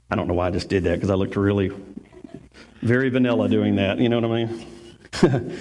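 A man preaching a sermon as pastor, in an animated, conversational and joking manner. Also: mid-range voice, moderate pace, a little hiss or hum.

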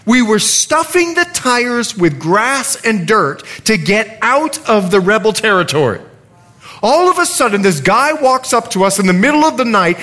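A middle-aged male pastor preaching a sermon, telling humorous stories and acting out the voices of people in them. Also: high voice. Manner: animated, humorous, acts out quoted voices. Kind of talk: sermon with storytelling.

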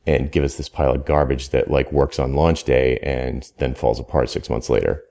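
A consultant guest on a podcast talks casually in a rumbling low, warm voice with vocal fry, fairly even intonation and a moderate pace. He's emphatic and rambling, often correcting himself and restarting his sentences.

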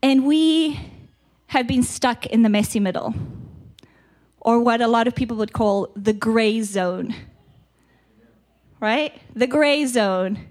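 A woman's voice: a little high, measured pace, darkish tone. A South African woman giving a candid, chatty church retreat talk with a stuffy nose, laughing at herself now and then. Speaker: retreat speaker. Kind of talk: conversational church teaching.

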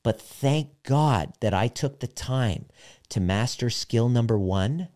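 A man coaching on relationships in a candid, profane monologue, dropping softer when he retells conversations. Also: mid-range voice, animated, takes it slowly. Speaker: personal development coach. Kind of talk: casual monologue.

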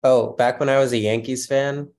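A man answering casually as a student in an online class, relaxed and offhand. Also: mid-range voice, normal speed. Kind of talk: casual chat. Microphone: video call.

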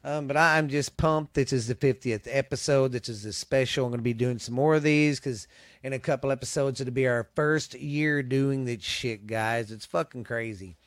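A man with a Southern US accent, rambling excitedly through a casual podcast sign-off, with hiccups. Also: medium pitch, normal speed, no echo, clean studio sound. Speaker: podcast host.

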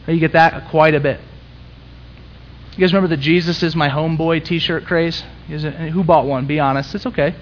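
A man's voice: fairly high pitch, steady tone, a little fast, highs cut off. A young man preaching a conversational, emphatic sermon in a church, rising to intense peaks. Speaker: pastor.

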